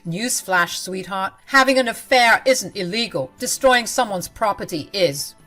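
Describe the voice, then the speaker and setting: A woman's voice: medium pitch, lively intonation, a little slow, soft background music. Woman voicing Terence, a furious cheating husband. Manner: shouting and indignant. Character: cheating husband, man, angry then pleading. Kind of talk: dramatic storytelling.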